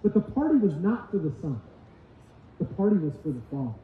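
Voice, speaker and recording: High-voiced preacher in an echoey church. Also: male voice, very animated, fairly quick, a little hiss or hum. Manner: emphatic, repetitive preaching. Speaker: pastor. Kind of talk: sermon. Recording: echoey hall, tinny lo-fi sound.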